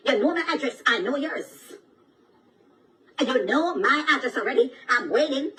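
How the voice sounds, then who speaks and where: A woman with a Jamaican accent in an angry social media rant, taunting, cursing and shouting with mocking laughter. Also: high voice, expressive, normal speed, far from the mic, slight background noise.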